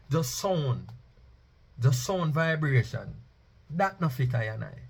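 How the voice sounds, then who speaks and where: A man's voice: mid-range voice, moderate pace, breathy edge. A man delivering an emphatic preaching monologue, chanting key phrases for effect. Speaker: Rastafari speaker.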